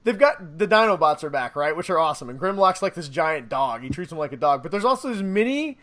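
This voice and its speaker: High-voiced man rambling excitedly. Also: fast talker. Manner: rambling, excited, laughs often. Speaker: podcast co-host reviewing a movie. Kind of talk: casual podcast chat.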